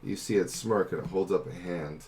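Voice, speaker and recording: A man's voice: deep voice, moderate pace, darkish tone. A young man narrating as game master of a tabletop game, loose and chatty with many fillers.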